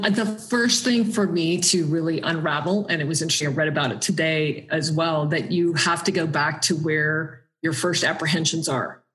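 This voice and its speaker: A woman's voice: low voice, a bit bright. A woman guest on an interview podcast, talking earnestly and reflectively about her own experiences.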